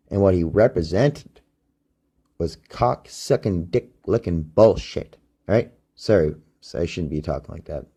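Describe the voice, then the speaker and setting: A man's voice: deep voice, vocal fry, mellow, husky. A man hosting a solo podcast, rambling and ranting with heavy swearing, recorded on a phone used as a microphone. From Canada. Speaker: podcast host.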